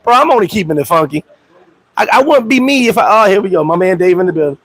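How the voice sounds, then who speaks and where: Speaking quickly and expressively in a fairly bright tone with no echo, a man hosts a casual live chat of profane, slangy stories. He names friends and viewers directly and imitates voices with big upward pitch swings.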